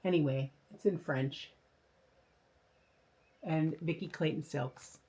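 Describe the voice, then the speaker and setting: A woman's voice: sits low, takes it slowly, warm tone, slightly rough. An older woman hosting a craft video, chatting casually and enthusiastically about her new patterns, with frequent fillers and restarts. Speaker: flosstube host. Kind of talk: casual show-and-tell chat.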